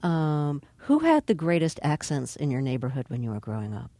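A woman interviewer asking measured, thoughtful questions in a radio-style interview. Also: deep voice, huge pitch swings, dark tone, dry recording.

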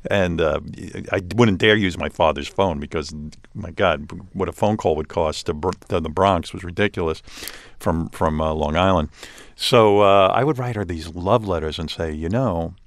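Older New York man, interview guest, animated and self-deprecating, dry studio mic. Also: low-pitched, moderate pace, no echo. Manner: animated, self-mocking storytelling with frequent restarts. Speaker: radio host as guest. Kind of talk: casual interview talk.

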